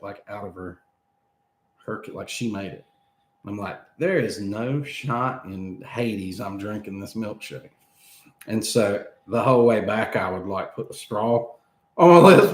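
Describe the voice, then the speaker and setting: Telling a lengthy story in casual talk, this thirties-aged man is animated, laughs between lines, and acts out others' words. His voice is on the low side at a measured pace, heard in an echoey room.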